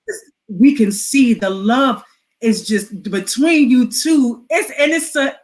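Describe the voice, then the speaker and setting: A woman hosting a casual interview, responding with warm affirming interjections and questions. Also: fairly high pitch, expressive, slow pace. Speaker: interview host.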